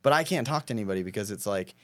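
A man's voice: lowish voice, expressive, very fast, no room sound. A young man in casual chat, rambling with lots of fillers and swearing. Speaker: podcast guest, prankster.

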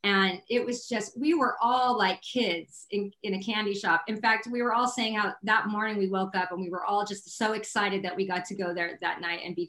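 A middle-aged woman, a reader, talking as a podcast guest in an expressive, emphatic way. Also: mid-range voice. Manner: expressive and emphatic, laughs often. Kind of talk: casual podcast chat. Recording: echoey room.

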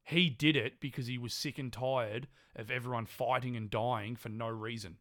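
A man's voice: mid-range voice, fairly even intonation, moderate pace, fairly bright tone, no echo, clean studio sound. A man co-hosting a casual podcast, joking and firing off short reactions. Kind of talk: casual film discussion.

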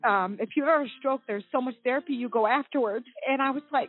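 A woman in her forties from the United States, a guest telling her own story on a talk show, emotional and halting with many fillers and restarts. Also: high-pitched, no room sound. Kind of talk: personal account on a talk show. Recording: tinny phone line.

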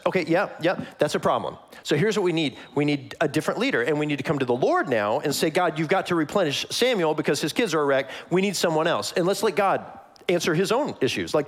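A man delivers a casual, story-filled sermon from the pulpit. His voice sits a bit high and swings widely in pitch as he acts out little exchanges. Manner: conversational and animated, acting out voices in asides. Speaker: pastor.

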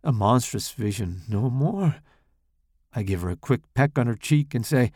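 A man reading his own first-person horror story aloud in a slow, dramatic, expressive way. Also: medium pitch, dry recording, clean studio sound.

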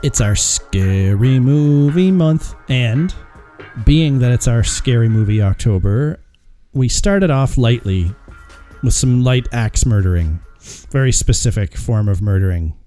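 A man hosts a casual movie podcast, walking through cast, budget and box office. His voice is mellow and dark, with a joking ease. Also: mid-range voice, measured pace, faint music behind. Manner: relaxed, joking, introduces films with facts. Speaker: podcast host. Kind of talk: casual movie review chat.

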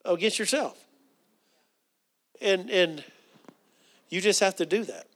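A man preaching a sermon in a folksy, earnest way, with asides and restarts, dropping to a soft hush for quoted prayers. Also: high voice, unhurried, pauses often.

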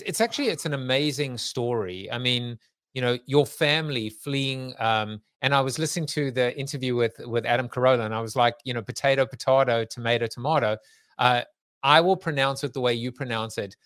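A man's voice: medium pitch, a bit bright, dry recording, studio quality. Chatty, hesitant man hosting. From South Africa. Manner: chatty, jokey, hesitant with many fillers. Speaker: podcast host. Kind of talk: casual interview.

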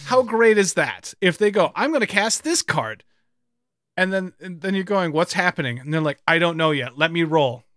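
Chatty man, slightly high voice. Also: no echo, studio quality. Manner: rambling, animated, quick to laugh, swears. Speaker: podcast co-host. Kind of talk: casual chat.

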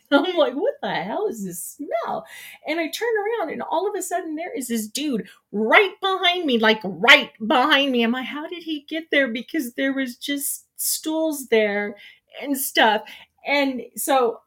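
A middle-aged woman hosting a relaxed morning show, telling stories in a casual, animated way. She laughs often and squeals when something excites her. Her voice sits a little high. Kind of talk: casual chat.

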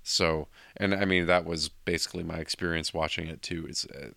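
Very deep-voiced, hesitant podcast man. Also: little pitch movement, creaky, fairly bright tone, dry recording. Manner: hesitant, lots of fillers, measured. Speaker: podcast co-host. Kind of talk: casual chat.

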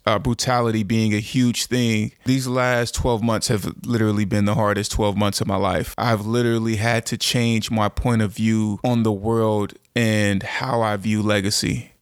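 A man in his thirties speaks to his audience in an earnest, reflective way, often restarting his sentences. His voice is flat and even, with a gravelly edge. The recording is dry and close, with no room sound. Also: on the low side, no echo. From United States. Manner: earnest, halting, with many restarts and fillers. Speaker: motivational speaker and show host. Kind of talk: reflective personal monologue.

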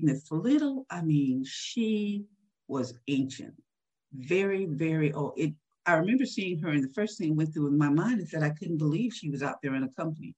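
Husky woman in her sixties telling stories. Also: deep voice, a little mellow. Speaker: guest. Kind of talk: candid interview storytelling.

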